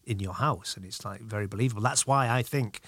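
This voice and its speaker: A British man chatting casually on a podcast, telling stories in a reflective way that often drops low and quiet. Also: fast talker, vocal fry, breathy edge, no room sound. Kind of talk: casual chat.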